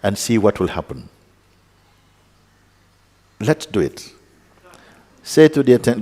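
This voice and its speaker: A man giving a calm, unhurried satsang teaching as a spiritual teacher, pausing often and speaking softly. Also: on the low side. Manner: calm, unhurried, with pauses and soft asides. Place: large meeting hall. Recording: hall with long reverb.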